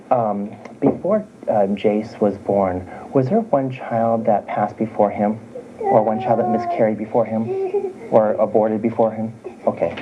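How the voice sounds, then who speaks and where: A low-pitched man doing a private spirit reading as a psychic medium. He talks haltingly, restarts his sentences, and keeps checking in with "okay?" after almost every point. The home video recording is dull and lo-fi, with a steady hiss of background noise. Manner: halting, with many fillers and restarts. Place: home room with small children nearby.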